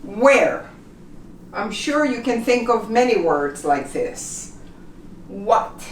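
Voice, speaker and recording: A woman teaching an English pronunciation lesson, patiently saying example words slowly and repeating them. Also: on the high side, sing-song, a little hiss or hum. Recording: echoey room, mic at a distance.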